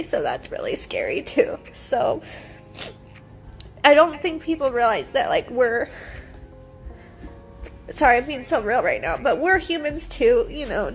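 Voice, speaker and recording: A woman in her twenties, crying as she talks in an upset, defiant livestream monologue on her phone. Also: high voice. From United States. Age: 20s. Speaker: reality TV personality.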